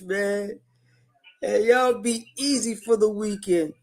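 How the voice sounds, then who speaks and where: High-voiced animated podcast co-host man. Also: slow. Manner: animated, playful, hyping merch. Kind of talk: casual sports podcast chat.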